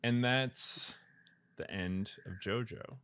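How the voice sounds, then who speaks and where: A man's voice: mid-range voice, takes it slowly, pushed and bright, smooth, no room sound, clean studio sound. A man co-hosting a casual podcast, teasing and joking with mock drama. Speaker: podcast co-host. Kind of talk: casual chat.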